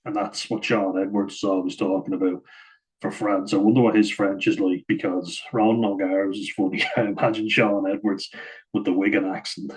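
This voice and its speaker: A man's voice: on the low side, level tone, fairly quick, low-quality recording. A man giving a chatty, casual voice-over breakdown of rugby footage, often saying "like" and chuckling at his own asides. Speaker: rugby match analyst.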